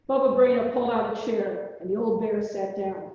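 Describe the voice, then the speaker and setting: A woman reading a children's story aloud at a church service, gentle and expressive. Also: mid-range voice, normal speed, hardly any pauses. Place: large echoey church hall. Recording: distant, dull, echoey hall recording.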